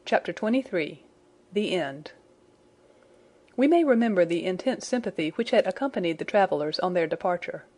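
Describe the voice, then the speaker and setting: A woman reading a classic adventure novel aloud in a measured, even storytelling manner. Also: fairly low pitch. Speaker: audiobook reader.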